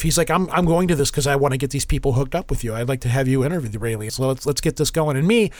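A man's voice: mid-range voice, quick pace, hardly any pauses, dry recording. A man hosting a podcast in casual chat, rambling with many restarts and fillers. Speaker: podcast host.

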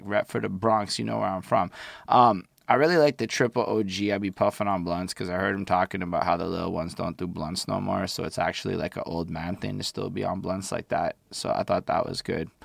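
Low gravelly man reviewing an album. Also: no room sound. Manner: casual, profane, quotes lyrics in animated bursts. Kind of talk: casual album review chat.

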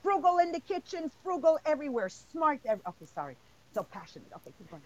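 A woman's voice: high-pitched, big pitch swings, quick pace, a little mellow, lo-fi sound. A woman hosting a casual podcast, answering questions bluntly with lots of energy and laughter. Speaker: podcast host.

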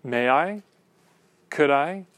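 A man's voice: a little high, lively intonation, extremely slow, fairly bright tone, dry recording, heavily acted. A man doing a frightened thirsty girl. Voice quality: anxious, hesitant. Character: frightened thirsty schoolgirl, timid and pleading.

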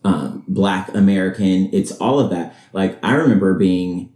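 A man in casual conversation who interjects quickly and speaks thoughtfully. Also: sits low, darkish tone. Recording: roomy echo.

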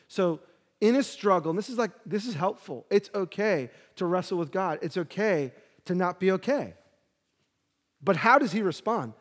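High-voiced man preaching in a reverberant hall. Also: expressive, moderate pace, fairly bright tone. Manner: reads scripture with rising emphasis, conversational asides. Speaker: pastor. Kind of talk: sermon.

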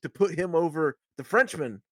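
A man's voice: a little high, normal speed, no room sound, studio quality. A man hosting a casual sports podcast, steering the talk and ribbing his co-hosts.

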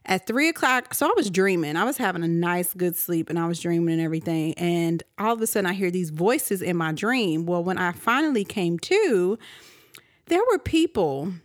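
A woman in her thirties hosting a podcast, ranting in a casual, animated way and acting out her own reactions. She sounds tired and half awake. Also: on the low side, moderate pace, no room sound, studio quality. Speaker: podcast host.

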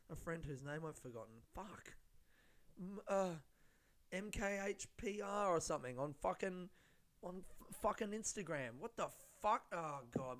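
A man's voice: a little high, clean tone. A man hosting a solo podcast on his own mic, rambling casually with lots of swearing and self-mockery. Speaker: podcast host. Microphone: studio-style podcast mic.

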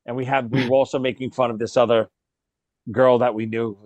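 Animated storytelling man, dry close sound. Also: medium pitch, brisk, no echo, lo-fi sound. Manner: animated storyteller, laughs, acts out quoted lines. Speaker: podcast host. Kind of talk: casual chat, storytelling.

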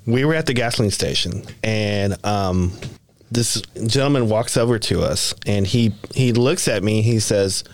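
A man tells a long story in a casual, meandering way, often stopping and restarting his sentences. His voice sits on the low side. The recording is dry and close. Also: unhurried, dry recording. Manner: rambling, many restarts and fillers. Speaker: Bigfoot researcher guest.

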